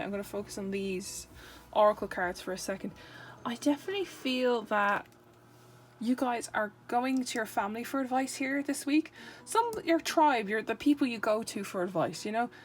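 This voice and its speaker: Woman with a slightly high voice, tarot reader on camera; playful, chatty, rambling, corrects herself mid-sentence. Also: animated, brisk. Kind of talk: casual tarot reading to camera.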